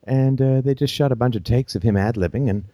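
A man's voice: medium pitch, fairly quick, warm tone, no room sound, clean studio sound. A man hosting a call-in show, telling long rambling anecdotes and chuckling as he goes.

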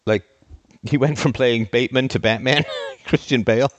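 A man hosting a live show, ranting in an exasperated, sarcastic way with big theatrical swings in pitch. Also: moderate pace, dry recording. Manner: theatrical, trained speaking voice. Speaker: host.

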